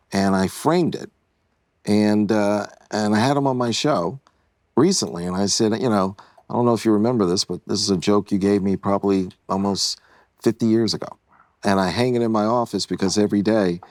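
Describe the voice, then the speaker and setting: A man in his sixties, a podcast guest, telling an animated story and acting out the quotes. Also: lowish voice, dry recording, clean studio sound. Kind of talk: casual storytelling.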